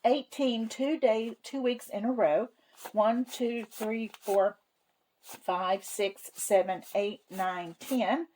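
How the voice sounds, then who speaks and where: A woman narrating a casual cash-stuffing vlog in an unhurried, drawn-out way. She sounds folksy and homey, counting bills aloud half to herself, with a faint hiss of noise behind her voice. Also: a little high, fairly even intonation, mellow, poor audio. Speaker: savings channel host.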